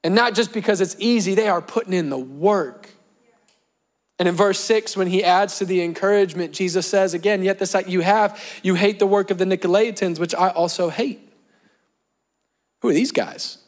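A man's voice: sits high, normal speed. A young adult man preaching a sermon, talking in a conversational way with emphatic repeated phrases. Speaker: pastor.

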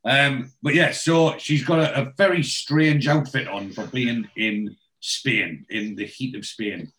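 A man talks through a TV episode on a podcast with a loose, rambling flow. His voice sits at an ordinary middle pitch, and he throws in casual swearing as he goes. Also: takes it slowly, fairly bright tone. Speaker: podcast co-host. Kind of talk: casual chat recapping a TV episode.

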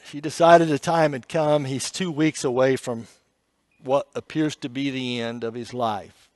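A man preaching a sermon, telling an emotional story and shifting between hushed passages and loud, pleading ones. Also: mid-range voice, steady tone, measured pace, dry recording, clean studio sound.

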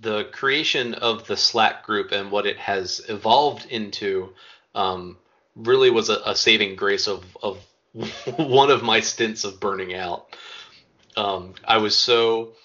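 Bright-voiced earnest man from Pennsylvania. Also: fairly low pitch. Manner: earnest, halting with restarts. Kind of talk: casual chat. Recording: dull lo-fi sound.

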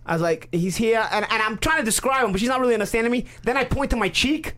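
A man, telling a profane, animated story as podcast co-host and acting out quotes. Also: extremely high pitch, very fast. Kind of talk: casual storytelling.

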